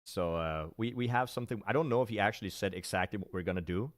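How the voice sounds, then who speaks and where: Streamer, male, deep low voice, loose chatty delivery answering chat. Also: fast talker, dry recording, clean studio sound. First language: Danish. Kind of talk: casual live-stream chat.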